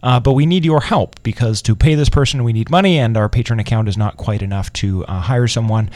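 A man's voice: mid-range voice, brisk, darkish tone, no echo. A man hosting a radio show, talking in a rambling, sarcastic way with many restarts. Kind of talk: casual radio talk. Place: radio studio.

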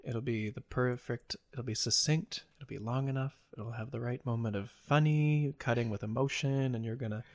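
A man's voice: mid-range voice, fairly even intonation, moderate pace, few pauses. A man co-hosting a podcast in casual, joking chat, swearing freely and riffing on ideas. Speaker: podcast co-host.

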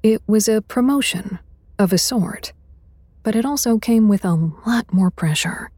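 A woman reading first-person fantasy fiction as narrator in a measured, wry way. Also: medium pitch, a little mellow, husky, dry recording.

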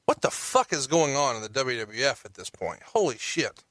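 A man's voice: medium pitch, very animated, normal speed, a bit bright, no room sound. A man hosting a podcast, walking through a recap of events with occasional profane outbursts. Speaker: podcast host.

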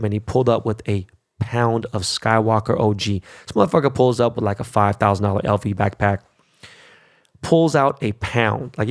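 Middle-aged podcast host, low gravelly voice, loose profane joking monologue. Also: male voice. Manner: profane, joking, rambling with many fillers. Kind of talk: casual solo podcast monologue.

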